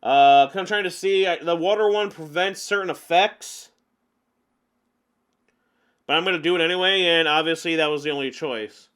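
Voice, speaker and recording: A man giving casual gameplay commentary on a card game, chatty and openly venting his frustrations with animated outbursts. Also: fairly high pitch, moderate pace, long pauses, clean tone. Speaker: gaming channel host.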